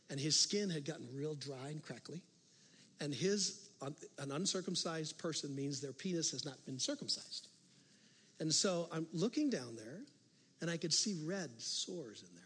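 A male pastor preaching a sermon, telling a story with animated swings from loud to hushed. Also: fairly high pitch, slightly rough. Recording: long reverb of a large hall.

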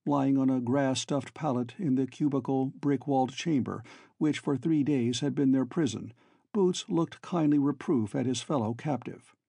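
Gravelly, dark-voiced male audiobook narrator. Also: mid-range voice, no echo, clean studio sound. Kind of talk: scripted narration.

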